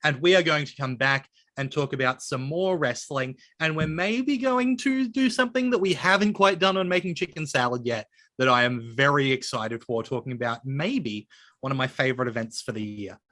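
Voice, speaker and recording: A man's voice: mid-range voice, moderate pace, sharp tone, no echo, studio quality. A man hosting a wrestling podcast, upbeat and presenter-like in casual chat. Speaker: podcast host.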